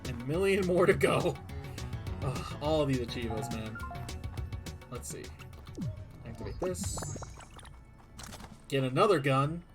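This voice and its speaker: Over game music, a man narrates his gameplay, reacting to the screen with exclamations, groans and mutters. He speaks slowly and expressively at a medium pitch, stopping often.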